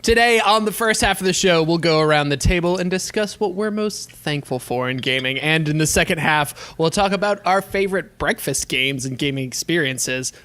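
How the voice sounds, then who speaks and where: A man's voice: fairly high pitch, normal speed, few pauses, sharp tone, clear, resonant tone. A man hosting a casual podcast, introducing the show in an upbeat, playful way. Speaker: podcast host.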